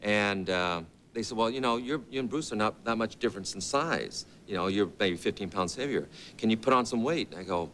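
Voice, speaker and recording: An animated actor in his fifties, guesting on a talk show in a TV studio, tells rambling, casual anecdotes thick with quoted dialogue. His voice is on the low side and fairly bright, and he speaks briskly with few pauses. There's slight background noise.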